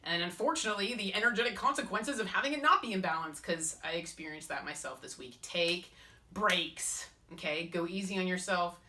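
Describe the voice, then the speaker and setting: A woman chatting in a casual vlog as a spiritual advisor, animated and self-mocking. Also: fairly low pitch, a little fast, recorded from a distance.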